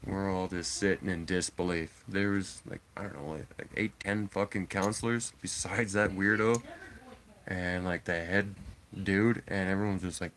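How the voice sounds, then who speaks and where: A man's voice: low voice, normal speed, a little hiss or hum. A man streaming live and telling a story casually to his chat, talking bluntly and swearing freely. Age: adult father. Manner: profane, blunt and animated.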